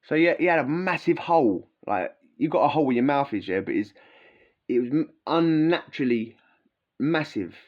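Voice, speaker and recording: A man's voice: on the high side, lively intonation, moderate pace, dull audio. A man telling stories casually in a rambling, slangy way, full of fillers and asides. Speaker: vlogger recounting prison life. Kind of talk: casual storytelling.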